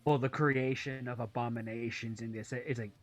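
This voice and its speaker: A man's voice: mid-range voice, steady tone, normal speed, lo-fi sound, soft background music. A man playing in a tabletop game, describing his character's moves plainly. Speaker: player. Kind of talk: tabletop role-play.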